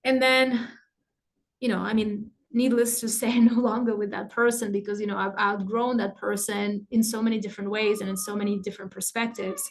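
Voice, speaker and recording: A middle-aged woman teaching a live online workshop, animated and laughing often as she acts out inner thoughts. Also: medium pitch, fairly quick. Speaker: masterclass teacher.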